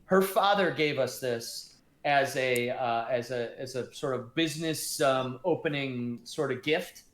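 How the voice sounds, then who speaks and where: A man voicing a middle-aged male innkeeper who speaks in measured, halting phrases. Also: mid-range voice, roomy sound, lightly acted. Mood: grateful.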